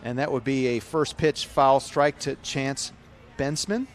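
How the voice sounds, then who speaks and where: A man from Chicago gives live play-by-play of a youth baseball game in a Chicago American accent, chatty and often correcting himself, and he rises to shouts on big hits. His voice is medium-pitched, steady and unhurried.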